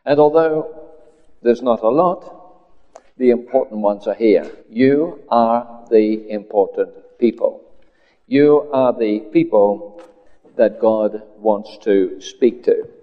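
A man with an Australian accent preaching a sermon in an unhurried, conversational way, with frequent fillers. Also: on the low side. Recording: dull lo-fi recording with hall reverb.

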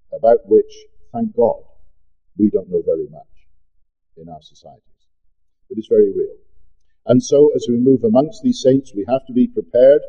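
A middle-aged man from the UK, preaching a sermon and telling a story in an earnest, plain-spoken way with asides. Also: medium pitch. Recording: dull lo-fi recording.

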